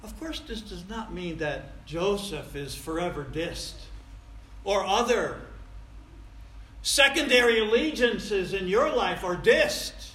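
A man preaching a sermon, swinging between loud, stressed points and quiet asides. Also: sits high, lively intonation, slow pace. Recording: echoey room.

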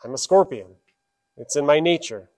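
A man's voice: a little high, animated, normal speed, a little mellow, lightly acted. A man voicing a cold, unrepentant male scorpion from a fable, blunt and matter-of-fact. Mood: flat.

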